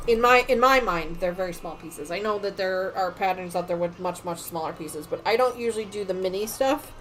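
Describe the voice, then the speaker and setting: A middle-aged woman hosting a home quilting livestream, chatting casually and rambling, often trailing off into quiet muttering as she works. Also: mid-range voice, background noise. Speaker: sewing livestream host. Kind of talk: casual chat while quilting.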